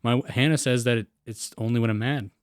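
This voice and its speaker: A man's voice: medium pitch, fairly even intonation, fairly quick, clear, resonant tone, dry recording, studio quality. A man co-hosting a casual movie podcast, with a faint New York accent, rambling and trailing off as he talks. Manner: rambling, trailing off, self-mocking. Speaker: podcast co-host. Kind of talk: casual chat.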